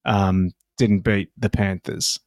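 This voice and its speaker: A man's voice: low voice, fairly even intonation, slow, no echo. A man co-hosting a sports podcast, chatting casually, swearing freely and laughing as he rambles through his points. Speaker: podcast co-host.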